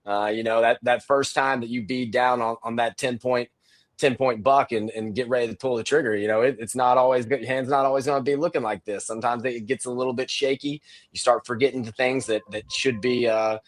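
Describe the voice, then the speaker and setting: A military veteran and security trainer speaking in a casual interview. His voice is mid-pitched and halting, and he repeats words. The recording is dry. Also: steady tone, dry recording.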